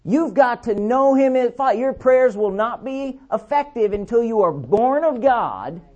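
A man preaching a sermon, emphatic, repeating key words and slowing down to read scripture. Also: very high voice, expressive, a little mellow, muffled recording.

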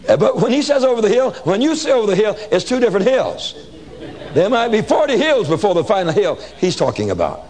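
A man preaching a sermon full of stories, animated and colloquial, repeating words for emphasis. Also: high-pitched, brisk. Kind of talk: sermon with storytelling.

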